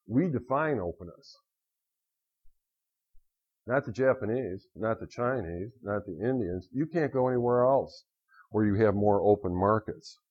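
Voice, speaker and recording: Man, lower-pitched voice, lively storytelling lecturer, dull lo-fi classroom recording. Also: unhurried, pauses often, husky. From United States. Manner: lively anecdotal storytelling, acting out quotes. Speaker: finance lecturer.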